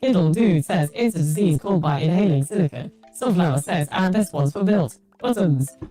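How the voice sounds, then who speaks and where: A woman reading live chat messages aloud on a livestream in an unhurried way. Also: on the low side, animated, over music, poor audio. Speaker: chat reader.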